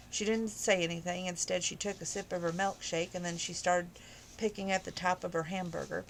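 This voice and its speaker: A woman's voice: on the low side, steady tone, fairly quick, vocal fry, slight background noise, low-quality recording. A woman reading a romance novel aloud informally, emotional and adding personal asides. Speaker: audiobook reader.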